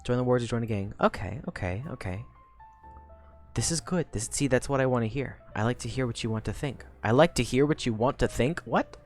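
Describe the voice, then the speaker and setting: A young woman streamer chatting casually into a desk mic, rambling and energetic, swearing freely. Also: rumbling low, brisk, soft background music. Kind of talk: casual live-stream chat.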